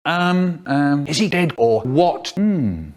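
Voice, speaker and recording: Animated older storyteller. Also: male voice, fairly high pitch, takes it slowly, noisy background. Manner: animated, expressive, playful voices. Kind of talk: comic storytelling, cut up and remixed.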